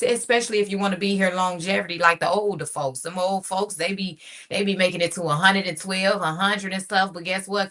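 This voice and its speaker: A woman's voice: fairly low pitch, pushed and bright. A woman hosting a radio podcast in casual solo talk, heartfelt and chatty, often repeating her phrases.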